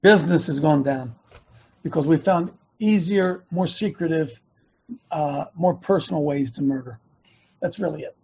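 A man hosting an online show, talking fast and emphatically, repeating words in bursts. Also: a little high, darkish tone, husky. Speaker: host of an online activist show. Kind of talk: fast casual preaching talk.

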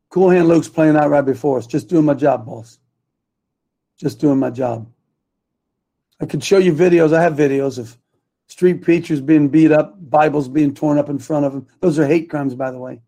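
Gravelly rambling male talk host. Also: fairly high pitch, warm tone. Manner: rambling, loses his train of thought. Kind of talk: live talk show with prayer.

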